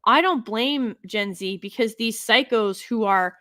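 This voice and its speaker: A woman's voice: on the high side, measured pace, pushed and bright. A woman giving casual opinion commentary, opinionated and rambling, often restarting and slipping into quoted asides. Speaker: online commentator.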